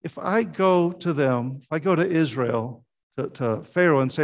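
A man's voice: on the high side, moderate pace. A man preaching a sermon as pastor, earnest and conversational, often restarting his phrases.

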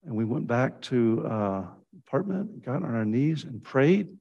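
A male preacher giving a conversational sermon, jumping high in pitch when acting out quotes and slipping in restarts and fillers. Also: a little slow, creaky, dull audio. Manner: animated storytelling with sudden pitch jumps when quoting.

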